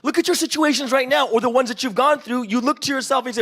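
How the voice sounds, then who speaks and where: A young man preaching a sermon in a church, animated and conversational, acting out pleading voices and asking "right?" again and again. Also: very high-pitched, fast talker. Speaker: pastor.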